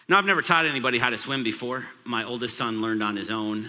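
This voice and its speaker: A man's voice: medium pitch, fast, pushed and bright. A man in his thirties, a pastor, telling a humorous family story in a sermon. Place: large church auditorium. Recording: long hall reverb.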